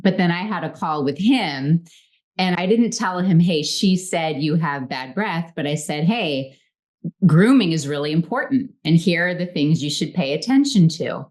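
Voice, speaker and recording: Low-voiced woman relationship coach. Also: moderate pace. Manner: relaxed, anecdotal storytelling. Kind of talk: casual podcast chat.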